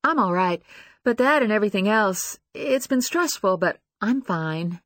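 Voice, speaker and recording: A man's voice: sits high, expressive, unhurried, a bit bright, no echo, clean studio sound, voice pushed up. A man voicing a young woman pilot who acts nervous and sheepish in an audiobook. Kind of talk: audiobook character voice.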